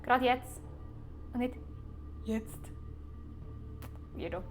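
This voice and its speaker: A woman's voice: high-pitched, a little slow, faint music behind. A woman from Switzerland, chatting casually and rambling to her live-stream viewers, often laughing at herself.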